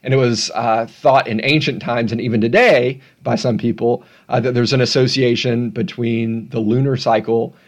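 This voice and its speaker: A man's voice: mid-range voice, fairly even intonation, moderate pace, few pauses. A man hosting a solo podcast at home, talking casually with rambling, self-deprecating asides. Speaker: podcast host.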